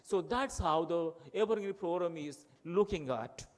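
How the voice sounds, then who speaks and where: This is a man with an Odia-accented Indian English, delivering an impassioned speech to a conference hall. His voice sits high, and he circles back to the same phrases for emphasis. He builds his appeals through rhetorical questions. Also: measured pace. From Odisha, India. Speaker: conference speaker.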